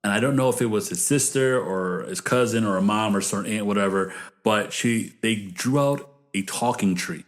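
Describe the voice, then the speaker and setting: A man's voice: on the low side, moderate pace, hardly any pauses. A man in his thirties co-hosting a podcast, blunt and casual, telling stories from his childhood. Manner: blunt, tells stories with acted-out quotes. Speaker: podcast co-host.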